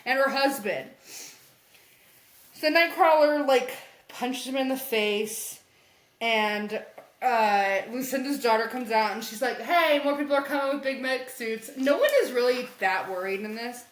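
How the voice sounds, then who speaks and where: A young woman podcast co-host recapping a comic in casual chat, animated and laughing as she acts out the characters' lines. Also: fairly high pitch, a little slow. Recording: echoey room.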